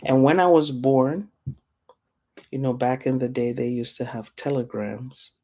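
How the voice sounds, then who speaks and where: A middle-aged woman from Africa teaches a class through a personal story. Her voice is gravelly, dark and mellow, and she acts out the voices of the people she quotes. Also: a bass voice, fairly even intonation, unhurried.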